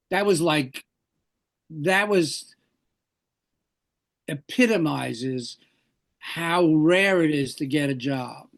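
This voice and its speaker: An older man settles into an interview anecdote, his voice gravelly and sitting a touch high. He wanders and corrects himself as he goes, quoting the people in his story. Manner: rambling anecdotes with self-corrections. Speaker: actor, interview guest.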